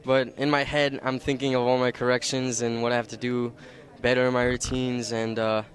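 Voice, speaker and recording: A man's voice: mid-range voice, flat delivery, normal speed. A young man, an athlete, answering interview questions in a candid, rambling way. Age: young adult. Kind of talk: post-competition interview.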